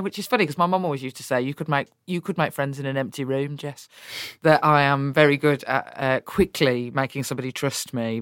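A woman with a Birmingham English accent talks candidly in an interview. She is blunt and animated and swears freely. The sound is dry and close. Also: sits low, clean tone, no echo. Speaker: politician guest.

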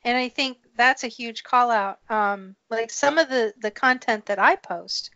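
A woman's voice: on the high side, measured pace, bright, forceful tone, dry recording. A woman working in human resources, talking earnestly as a podcast guest and often agreeing. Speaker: HR professional, guest. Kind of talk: conversational podcast interview. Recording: dry muffled lo-fi audio.

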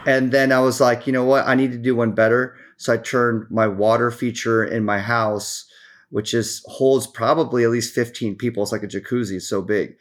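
A man's voice: medium pitch, moderate pace. A man as a podcast guest in casual chat, rambling through stories with restarts and fillers and acting out what people said. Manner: animated storyteller, acts out quotes.

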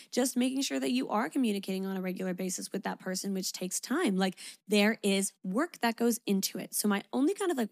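A young woman hosts a casual advice podcast, talking frankly and with emphasis, and she swears without hesitation. Her voice sits at a middle pitch for a woman. The recording is dry and close, with almost no room sound. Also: no room sound. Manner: candid, swears freely, lively emphatic delivery with fillers. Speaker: podcast host.

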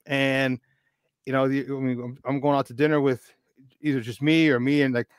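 A man in his fifties, a podcast guest, telling a long casual story in an animated, rambling way with many restarts. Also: mid-range voice, fairly quick, clear, resonant tone, no room sound, clean studio sound. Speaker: podcast guest, football expert.

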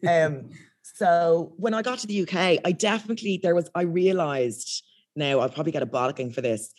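Irish woman, chatty and animated. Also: lowish voice, fairly quick. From Ireland. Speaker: guest comedian. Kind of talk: casual chat. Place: outdoors in public. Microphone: video call.

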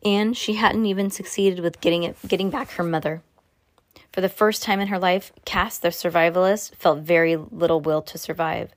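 A woman's voice: on the low side, fairly even intonation, normal speed, no room sound. A woman reading a novel aloud, stumbling now and then and restarting her sentences. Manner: unpolished reading with frequent slips and restarts. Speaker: reader.

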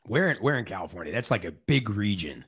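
A young man from St. Louis hosting a casual live podcast, chatty and animated. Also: lowish voice, a little fast, creaky, breathy edge. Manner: animated, mocks interviews with quoted voices. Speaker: podcast host.

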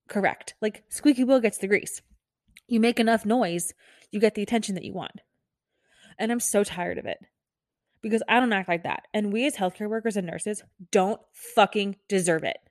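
A woman's voice: medium pitch, no room sound, studio quality. A woman who works as a nurse, venting in an exasperated, frazzled, emphatic monologue.

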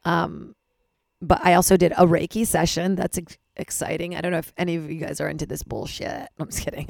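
Low, gravelly-voiced woman rambling candidly. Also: flat delivery, a little fast, a little mellow, no echo, studio quality. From Los Angeles-based. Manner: rambling, self-deprecating, swears casually. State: slightly lost voice. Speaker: podcast host. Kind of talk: candid personal monologue.

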